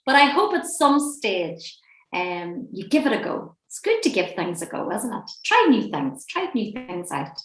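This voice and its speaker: Slow, gentle woman leading a class. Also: medium pitch, big pitch swings. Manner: gentle, encouraging and playful. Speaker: laughter and relaxation session leader. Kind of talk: guided laughter and breathing class. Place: indoor room at home, seated near a screen. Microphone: webcam or laptop mic on a video call. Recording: roomy echoey room sound.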